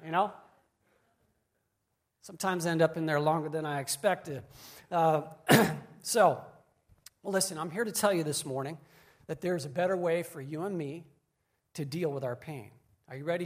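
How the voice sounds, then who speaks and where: Middle-aged male pastor, higher voice, preaches with emphasis and repetition. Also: brisk. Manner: emphatic, repeats key phrases. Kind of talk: sermon.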